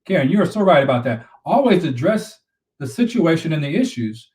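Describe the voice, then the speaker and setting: A man's voice: on the high side, big pitch swings, fairly quick, darkish tone, roomy sound, far from the mic, low-quality recording. A man co-hosting a relationship talk show, giving earnest advice on a live stream and repeating points to drive them home. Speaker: relationship coach and co-host.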